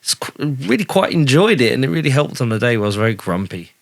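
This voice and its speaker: A man's voice: medium pitch, big pitch swings, quick pace, vocal fry, dry recording. A man hosting a podcast, chatting casually in a joking, self-deprecating way. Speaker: podcast host.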